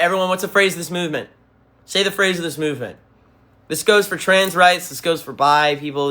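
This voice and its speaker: A man's voice: on the high side, sharp tone. A man, a band frontman, answering viewers in a livestream Q&A, talking bluntly with lots of swearing and rambling restarts. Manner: blunt, profane and emphatic. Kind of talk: livestream Q&A chat. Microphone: phone livestream mic.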